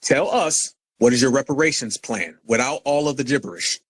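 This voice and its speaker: A man hosting a live online debate, loud and combative, talking over callers. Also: medium pitch, expressive, normal speed. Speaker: livestream host. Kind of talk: heated live stream debate.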